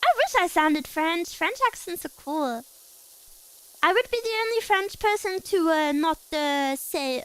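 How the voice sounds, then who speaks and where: A woman's voice: extremely high pitch, animated, unhurried, fairly bright tone, low-quality recording. A woman streamer chatting casually with her viewers while playing a game, bubbly and giggly. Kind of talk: casual chat while gaming.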